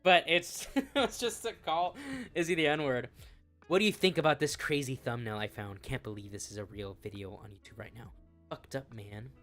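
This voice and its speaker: A man's voice: mid-range voice, moderate pace, fairly bright tone, soft background music. A man doing commentary, reading messages aloud in a mocking tone and swearing freely. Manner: profane, sarcastic, laughing often. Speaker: commentary YouTuber.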